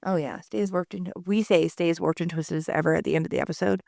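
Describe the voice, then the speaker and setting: Low-voiced woman chatting casually. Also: fast talker, vocal fry, darkish tone, dry recording, studio quality. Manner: rambling, filler-heavy, swears casually. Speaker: podcast co-host; mother. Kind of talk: casual chat.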